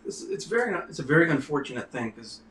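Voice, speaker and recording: A man's voice: mid-range voice, sing-song, fast, a bit bright. A man co-hosting a livestream, talking in a rambling way and leaning on "you know". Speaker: livestream co-host. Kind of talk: casual political discussion. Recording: roomy with faint noise.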